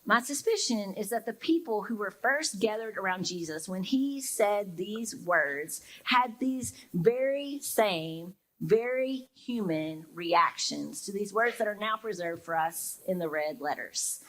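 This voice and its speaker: A woman's voice: medium pitch, lively intonation, unhurried, hardly any pauses, a bit bright, low-quality recording. A young woman pastor giving a casual, reflective sermon, with lots of fillers and talking to her listeners as if in conversation. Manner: casual and reflective, many fillers, acts out listeners' inner reactions.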